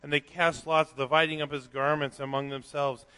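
A man preaching a sermon, reading scripture aloud and swinging from quiet reflection to loud, animated emphasis. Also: fairly high pitch, moderate pace, clear, resonant tone. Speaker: pastor. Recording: long hall reverb.

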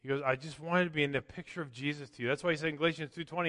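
A man preaching a sermon as pastor, swinging from loud emphatic lines to quiet asides. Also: a little high, steady tone, racing, few pauses. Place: church. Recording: long church hall reverb.

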